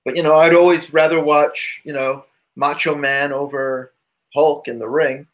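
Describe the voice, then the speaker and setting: A man's voice: on the high side, steady tone, normal speed. A man co-hosting a podcast who drifts into asides as he talks. His delivery is loose, casual and rambling. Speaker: podcast co-host. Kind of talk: casual chat.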